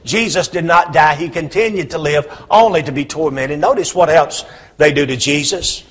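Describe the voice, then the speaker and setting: A man preaching a sermon, swinging between hushed, low lines and loud, emphatic questions. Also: moderate pace, husky.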